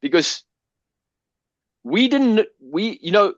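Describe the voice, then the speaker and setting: This podcast guest, a South African man in his fifties, speaks slowly in a high voice with big pitch swings while telling earnest, emotional personal stories. He restarts often and swears at times, and the lo-fi recording is dull and dry, with no room sound.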